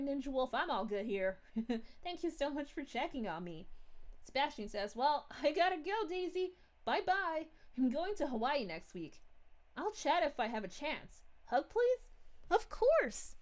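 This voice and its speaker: A woman streams as a VTuber playing a bubbly, cheerful young princess, sweet and giggly, reading live chat in character. Her voice is high and lilting at an easygoing pace, full of giggles and drawn-out "ooh"s.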